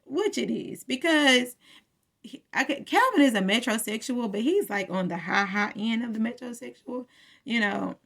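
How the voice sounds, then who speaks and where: A woman's voice: on the high side, animated, moderate pace, creaky, fairly bright tone. Chatty woman recapping a show. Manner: chatty storytelling that acts out the characters' lines. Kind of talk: casual TV episode recap.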